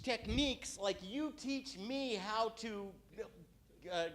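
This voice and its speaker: A man leading a live, interactive creativity talk for an audience, theatrical and animated, often acting out voices and scenes. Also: high voice, slow. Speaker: creativity workshop speaker. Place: lecture hall with audience.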